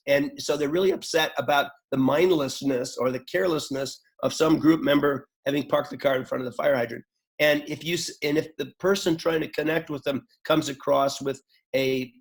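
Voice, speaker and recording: Man explaining calmly, slightly high voice. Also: normal speed, vocal fry. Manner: thoughtful, explanatory, with fillers and restarts; acts out upset and calm voices in examples. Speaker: group facilitation teacher. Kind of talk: webchat talk.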